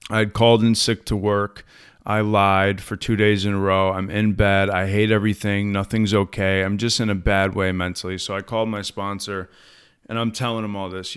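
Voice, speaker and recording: Smooth and somewhat low, this podcast host's voice carries blunt, profane stories with quoted dialogue. The young adult man talks candidly about recovery into a studio podcast microphone.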